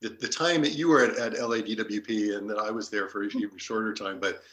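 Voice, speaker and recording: A man's voice: on the low side, fairly even intonation, quick pace, a bit bright. A man hosting a conversational interview, asking questions hesitantly and affirming his guest often. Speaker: interview host.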